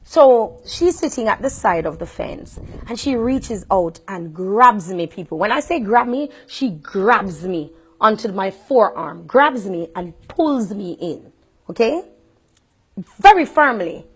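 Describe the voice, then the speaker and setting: A woman with a Jamaican accent, a radio host, telling a personal story in a casual, animated way, shifting between loud indignation and quiet asides. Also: mid-range voice, slow, husky.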